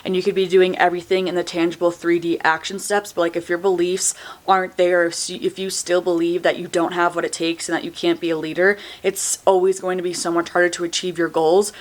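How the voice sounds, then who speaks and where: A woman's voice: fairly low pitch, flat delivery, brisk. Chatty woman vlogger, full of "like". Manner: chatty, heavy use of "like", encouraging. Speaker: fitness and lifestyle vlogger. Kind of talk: casual vlog chat.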